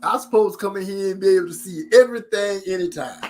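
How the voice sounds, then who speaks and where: A man's voice: quick pace, slight background noise. A middle-aged man telling funny stories in casual chat, his voice jumping up when he quotes people. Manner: animated storyteller, jumps high for quoted voices.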